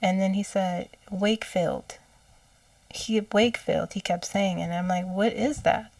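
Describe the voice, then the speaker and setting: A woman recounting channeled messages in a casual, halting way, with frequent fillers and quoted lines. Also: medium pitch, fairly even intonation, darkish tone, no echo, far from the mic. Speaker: psychic channeler.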